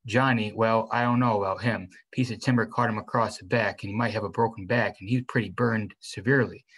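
A man reading the lines of a kindly grown man who calmly reassures a hurt teenager. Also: on the low side, brisk, breathy edge, low-quality recording. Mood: grave.

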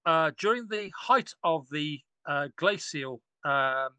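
Guy on a podcast, kinda high voice, dry sound, rambly and excited about digs. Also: takes it slowly, smooth, no echo. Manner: enthusiastic, rambling with frequent restarts. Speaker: archaeologist guest. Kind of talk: casual podcast discussion.

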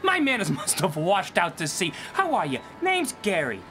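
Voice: mid-range voice, huge pitch swings, a bit bright, slight background noise. A voice actor playing a scheming, wisecracking male seagull who mooches food in a video game. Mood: chummy. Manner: fast-talking, sly, theatrical. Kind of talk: video game character dialogue.

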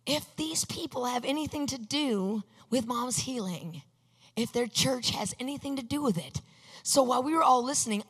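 A woman with a slightly high voice preaches a testimony sermon, animated and storytelling. She acts out each exchange of dialogue and breaks into excited shouts. Her voice rings with a long reverb in a large hall. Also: husky.

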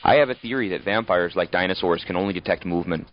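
A Canadian man narrates with deadpan, rambling asides in a very low voice. The recording sounds dull and lo-fi, with music underneath. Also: fast talker.

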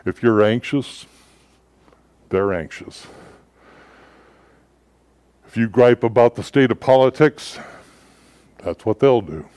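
A man giving a sermon as a pastor, telling stories in a relaxed, conversational way with frequent filler words. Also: medium pitch, slow, pauses often, clean tone, dry recording.

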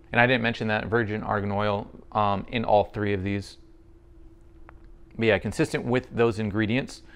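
A man's voice: on the low side, creaky, clear, resonant tone. A man giving a casual, chatty product review, friendly and thinking aloud with the odd filler.

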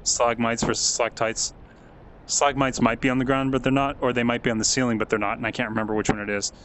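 A man's voice: medium pitch, fast, noisy background. Chatty man streaming a game. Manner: chatty, thanks chat viewers by name; excitable, easily amazed. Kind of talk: live game stream commentary.

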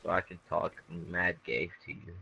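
A man's voice: sits low, normal speed, gravelly, bright, forceful tone, a little hiss or hum, rough recording. A young man in a casual game chat on a headset, cracking crude jokes. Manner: crude joking banter. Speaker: gamer in party chat. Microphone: gaming headset.

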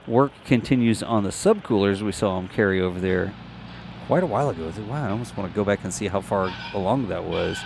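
A man's voice: on the low side, expressive, fast, creaky, darkish tone, a little hiss or hum. A man hosting a show, narrating launch site footage in a casual, jokey, think-aloud voice-over.

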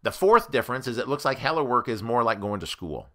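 A male therapist gives a conversational educational talk comparing treatment methods. His mid-range voice is fast, and he explains things in an animated, conversational way.

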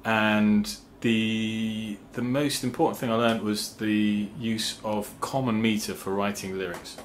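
A man talking casually to his viewers about songwriting, halting with fillers and restarts, and now and then humming rhythm syllables. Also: on the low side, level tone, slight background noise. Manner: sings rhythm syllables to explain meter. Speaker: songwriter and channel host. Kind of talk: casual talk to camera.

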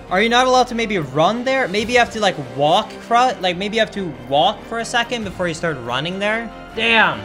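He's a young man with a high-pitched voice, talking a little fast as he streams a speedrun. Faint game music plays under his live commentary, which is excitable and full of exclamations and repeated "dude"s.

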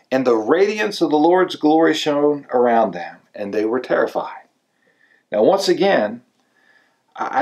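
A man's voice: medium pitch, darkish tone. A male pastor preaching a sermon in a conversational way, pushing his voice up to stress key words.

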